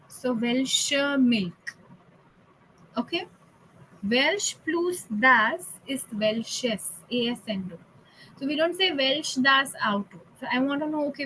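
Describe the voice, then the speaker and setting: A woman's voice: high voice, fairly bright tone, a little hiss or hum, low-quality recording. A woman teaching a German class online, explaining grammar patiently in English and German and often checking with "okay". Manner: switches between English and German.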